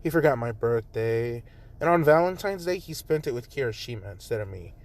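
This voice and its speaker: A man's voice: mid-range voice, animated, brisk, close to an everyday voice. A man voicing a shy stammering young woman. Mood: explaining. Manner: stammering, hesitant. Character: shy flustered young woman, easily blushing.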